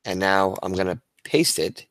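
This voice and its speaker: Low-voiced man giving a casual tech demo. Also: moderate pace, a bit bright, no echo. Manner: casual and enthusiastic, with frequent restarts and fillers. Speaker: teacher presenting to educators. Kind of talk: webinar presentation with screen demo.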